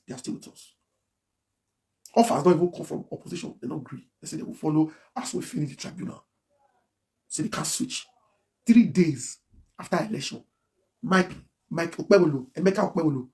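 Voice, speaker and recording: A man's voice: on the high side, gravelly. A man with a Nigerian Pidgin accent ranting on a livestream, emphatic and repetitive. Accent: Nigerian Pidgin English. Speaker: blogger. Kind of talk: livestream rant.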